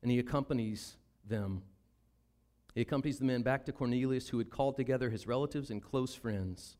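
Male pastor, Southern US accent, middle pitch, lively sermon delivery with acted-out quotes. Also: fairly quick. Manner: animated, acts out Bible characters in voices.

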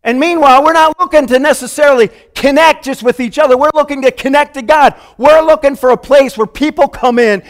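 A man's voice: extremely high pitch, fairly quick, hardly any pauses. A man in his fifties, a pastor preaching a sermon in a casual, earnest way with folksy asides. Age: 50s.

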